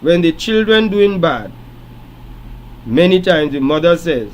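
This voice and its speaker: A man hosts a late-night call-in show, his fairly high voice moving from storytelling into firm, preachy lecturing. A faint hiss sits under the recording. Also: expressive, unhurried, poor audio. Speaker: radio show host.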